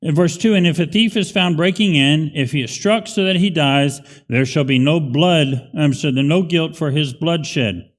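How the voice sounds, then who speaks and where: A man's voice: fairly high pitch, normal speed, hardly any pauses. A male pastor preaching a conversational, emphatic sermon in a church. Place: church sanctuary. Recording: long hall reverb.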